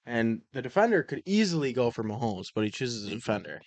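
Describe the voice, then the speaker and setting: A man's voice: mid-range voice, quick pace, no room sound. A man co-hosting a casual sports podcast, talking loosely, swearing a lot and ranting when heated. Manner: profane, animated when ranting. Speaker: podcast co-host. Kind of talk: casual chat. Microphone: own microphone.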